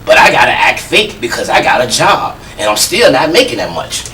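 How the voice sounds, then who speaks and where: A man's voice: mid-range voice, big pitch swings, brisk, bright, forceful tone, distant mic, slight background noise, low-quality recording. An actor playing a bitter janitor in his thirties, complaining in a weary way. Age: 30s. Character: fed-up man in his thirties cleaning toilets, bitter.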